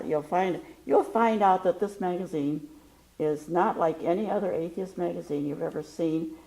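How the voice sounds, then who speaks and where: Woman talk-show host; low, gravelly voice, emphatic and animated delivery. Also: poor audio. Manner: emphatic, animated storytelling with quoted lines. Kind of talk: casual talk-show chat.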